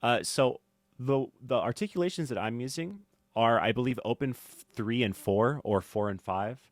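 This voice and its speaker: A man teaching drum mixing in a casual tutorial, thinking aloud with fillers and swinging in loudness. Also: medium pitch, normal speed, dry recording. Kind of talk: casual screen-recorded tutorial. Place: home studio. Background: faint music from drum playback.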